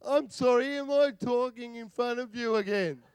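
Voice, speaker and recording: An Australian man doing a stand-up comedy set, bantering with the crowd in a slow drawl. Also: very high voice, clear, resonant tone, dry recording. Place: live venue with audience.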